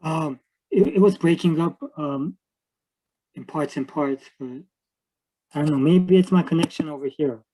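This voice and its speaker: A man joining an interview over a remote call, talking in a hesitant, halting way. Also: a little high, dark tone, rough recording. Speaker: guest musician. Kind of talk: casual interview.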